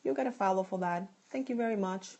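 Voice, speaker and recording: A woman's voice: mid-range voice, fast, a little mellow. A woman in her late thirties with a Boston accent, hosting a live phone stream with a sore throat, upbeat and effusive as she thanks viewers. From Dominican Republic. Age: 30s. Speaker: live-stream host and stylist. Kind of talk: live-stream chat reading viewer comments.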